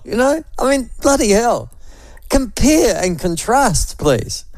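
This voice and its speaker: Man, NZ accent, talk radio host: blunt, rambling, sardonic. Slightly high voice, dry close sound. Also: dry recording. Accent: New Zealand. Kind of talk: opinionated talkback radio chat.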